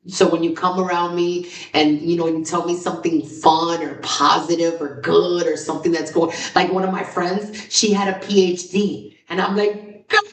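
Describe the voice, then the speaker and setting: Exuberant woman host in a roomy space. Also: recorded from a distance. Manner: exuberant, repeats phrases, swings from low to high excited exclamations. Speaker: podcast host. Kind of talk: casual solo talk. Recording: roomy, from off the mic.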